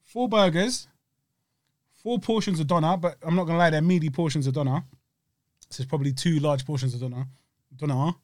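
A chatty man co-hosts a podcast, talking over a meal. His voice sits a little high, and he rambles in loose slang with plenty of restarts. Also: fairly quick, pauses often, no room sound, studio quality. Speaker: podcast co-host. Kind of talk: casual chat while eating.

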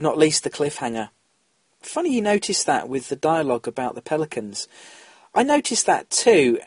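A man's voice: medium pitch, no echo. A man hosting a podcast, easygoing and a little apologetic as he reads out feedback. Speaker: podcast host. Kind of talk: casual podcast talk.

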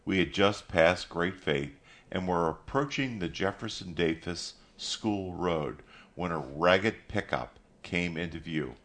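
A man narrating a story as an audiobook, measured and steady. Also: low-pitched.

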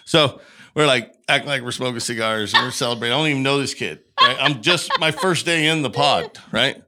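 A man's voice: mid-range voice, a little fast, sharp tone, a little hiss or hum. A man who is a podcast guest, telling a story in a casual way and acting out the dialogue he quotes.

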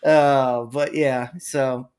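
A man co-hosting a casual podcast chat, easygoing and quick to laugh. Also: mid-range voice, little pitch movement, darkish tone, smooth. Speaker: podcast co-host.

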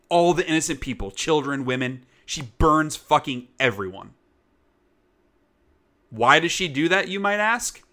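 A young man co-hosting a podcast, venting in a loose, animated rant full of "like" fillers. His voice is bright and forward, sitting at an ordinary pitch. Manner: animated, frequent "like" fillers, swearing. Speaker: podcast co-host. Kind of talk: casual ranting chat.

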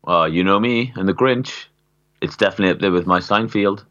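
A man's voice: low-pitched, a little fast, fairly bright tone, highs cut off. A man co-hosting a podcast in casual chat, wry and teasing. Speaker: podcast co-host.

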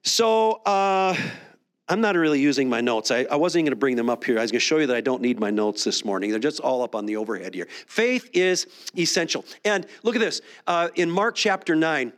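Guy preaching in church, kinda high voice, chatty and keeps restarting lines. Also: animated, fairly quick. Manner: conversational preaching with many restarts. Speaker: pastor. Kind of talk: sermon. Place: church sanctuary.

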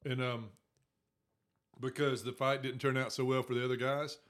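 A man, telling drawn-out anecdotes in a casual chat. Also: medium pitch, level tone, a bit bright.

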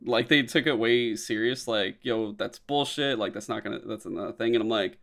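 A man's voice: fairly low pitch, fairly even intonation, a little fast, vocal fry, fairly bright tone. A young man in casual, profane chat about a movie, acting out quotes from scenes. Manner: laid-back, swears often, acts out quotes.

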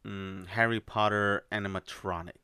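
A man in a casual podcast chat, playful and teasing, with quick reactions. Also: on the low side, steady tone, pushed and bright, smooth, no room sound, clean studio sound.

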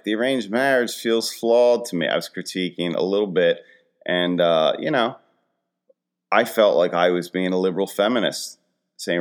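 In a deep voice at normal speed, a man in his forties delivers a casual comedic monologue, rambling through stories and poking fun at himself.

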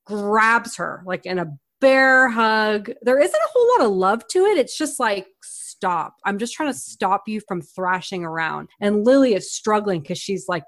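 A woman's voice: medium pitch, dry recording, studio quality. Woman on a movie podcast, chatty, acts out the lines as she retells the scene. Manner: animated storytelling, retelling scenes with quoted lines. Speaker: podcast co-host. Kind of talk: casual movie review chat.

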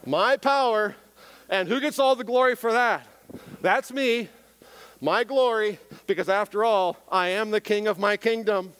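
High-voiced animated preacher man. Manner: animated, questions the congregation. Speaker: pastor. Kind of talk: sermon.

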